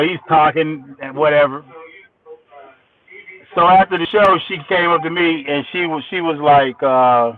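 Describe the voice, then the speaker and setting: Animated storyteller on a phone line. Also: male voice, a little high. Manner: animated, repeats words, acts out quotes. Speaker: musician guest. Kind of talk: casual storytelling interview.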